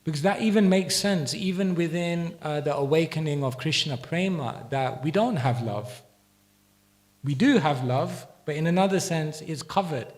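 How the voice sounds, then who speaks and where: A man's voice: fairly high pitch, normal speed, a little mellow. A man teaching a spiritual class, answering questions in a reflective, conversational way with frequent restarts. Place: temple hall.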